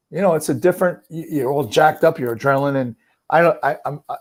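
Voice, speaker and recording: A man's voice: medium pitch, fairly quick. A man who played hockey, talking earnestly in a casual chat and filling his talk with "you know". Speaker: podcast guest, former hockey player. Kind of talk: casual conversation.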